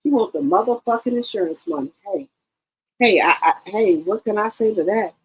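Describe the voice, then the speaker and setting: A woman in her sixties hosting a casual live stream, reading viewer comments aloud in an animated, profane way and repeating herself. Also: medium pitch, moderate pace, breathy edge, low-quality recording. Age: 60s.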